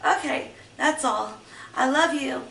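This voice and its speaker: A woman's voice: high voice, takes it slowly, vocal fry, a bit bright. A woman telling personal stories in a vlog, rambling and meandering, often restarting her sentences. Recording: roomy echo, mic at a distance, faint background noise.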